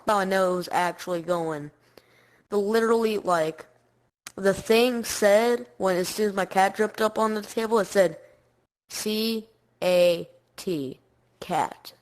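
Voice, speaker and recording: Woman chatting on a podcast, playful n slangy, medium pitch. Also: normal speed, poor audio. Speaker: podcast guest. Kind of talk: casual chat, telling school stories.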